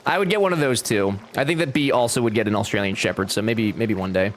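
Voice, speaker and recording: A man's voice: on the low side, fast talker, few pauses, a little hiss or hum. A young man chatting casually with his live-stream chat while playing a game, joking and talking back to viewers.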